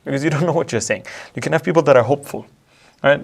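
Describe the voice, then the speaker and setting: A man in a religious discussion, quickly reciting Quranic verses in Arabic and then explaining them in English. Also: fairly high pitch, creaky. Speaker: religious commentator. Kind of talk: discussion analyzing a religious letter.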